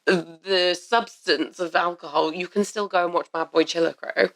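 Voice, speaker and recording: A young woman co-hosting a podcast, chatting in a bubbly, jokey way with quick asides. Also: fairly low pitch, fairly even intonation. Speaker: podcast co-host. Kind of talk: casual chat.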